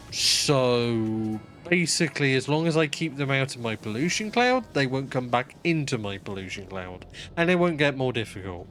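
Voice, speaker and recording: Male streamer, casual gameplay chat, self-mocking and sweary, mid-pitched, faint music underneath. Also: a bit bright.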